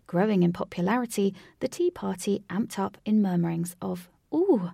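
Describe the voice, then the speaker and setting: A woman narrating a storybook in an unhurried way, sometimes dropping into a whisper. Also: mid-range voice, gravelly, warm tone, dry recording, studio quality.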